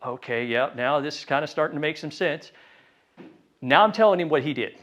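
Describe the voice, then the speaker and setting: A man giving a live sales training talk to a room, lively and conversational, acting out phone calls in quick voices. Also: medium pitch. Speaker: real estate sales trainer. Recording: dull lo-fi sound.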